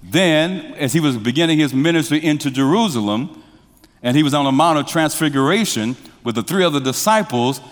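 A man preaching a sermon as pastor. He drops to hushed lines, rises to emphatic ones, and has the congregation finish his sentences. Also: a little high, expressive, fairly quick. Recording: long hall reverb.

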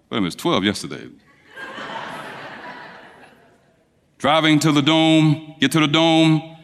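Male preacher, lively storytelling sermon, mid pitch, long hall echo. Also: takes it slowly, long pauses, slight background noise. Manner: animated, rising to high emphatic peaks. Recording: long reverb of a large hall.

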